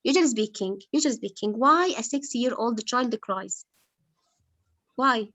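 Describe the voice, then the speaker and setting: Enseignante, arabe, voix assez aiguë, son sec et proche : explique un roman à sa classe avec patience, pose des questions aux élèves. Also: female voice, on the high side, expressive, measured pace, pushed and bright, no echo. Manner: patient, quizzes pupils, many fillers like "like". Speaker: English literature teacher. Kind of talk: explaining a novel to a class.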